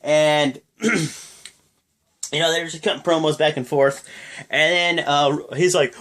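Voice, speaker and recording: A man's voice: a little high, lively intonation, a little slow, a bit bright. A young man chatting through a wrestling recap in a slightly raised voice. He rambles and leans on slang and filler words. His delivery stays casual and unscripted. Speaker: wrestling show reaction vlogger. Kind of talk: casual reaction commentary.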